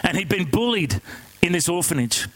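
A man preaching a sermon, telling a story in an animated, conversational way and asking the congregation questions. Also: high-pitched, moderate pace, no echo, rough recording.

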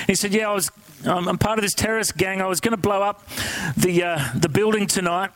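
A man preaching a sermon, telling a story in an animated, conversational way and asking the congregation questions. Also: high-pitched, quick pace, dry recording, poor audio.

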